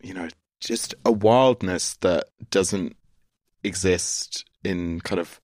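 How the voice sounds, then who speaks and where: A young male host with a deep, low voice keeps the chat loose, laughing often and dropping casual swears. His voice sits close and dry, with no room around it. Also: takes it slowly, a little mellow, dry recording. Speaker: podcast host, touring musician. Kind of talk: casual podcast conversation.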